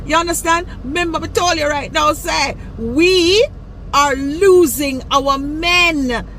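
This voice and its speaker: A Jamaican woman with a high voice lectures emphatically and drives her warnings home. She speaks outdoors, and faint traffic hums behind her. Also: slow, fairly bright tone, poor audio. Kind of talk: outdoor video rant.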